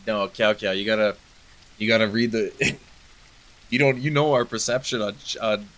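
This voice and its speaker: A young Canadian man with an East Coast accent, chatting fast and jokingly with viewers while he streams a game, full of slang and banter. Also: lowish voice, a bit bright. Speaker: livestream gamer. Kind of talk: casual chat with chat while gaming.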